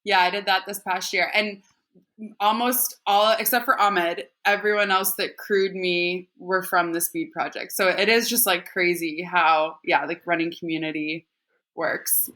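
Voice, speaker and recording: A woman's voice: fairly low pitch, steady tone, unhurried, bright, forceful tone. A woman guest on a podcast, chatting casually and laughing often, with a lot of "like" in her speech. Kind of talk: casual chat.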